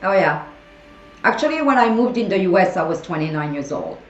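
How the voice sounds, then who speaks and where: Her pitch is fairly low, swinging widely, and she talks a little fast. She's a French woman in her forties, casually chatting with her stream's live chat and teasing viewers by name in a playful way. The audio is muffled and echoey, with faint background music.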